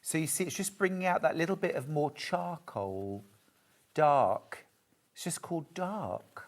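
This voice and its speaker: A man's voice: fairly high pitch, measured pace. A man presenting a live shopping channel show, chatty and gushing as he demonstrates fabrics. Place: TV shopping studio.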